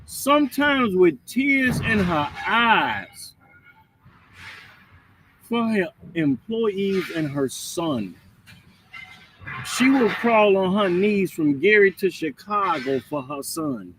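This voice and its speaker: A man hosting a livestream, ranting in a blunt, profane and mocking way, with swings between loud and quiet. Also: high voice, lively intonation, slow, background noise. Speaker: livestream host. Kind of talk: heated livestream rant.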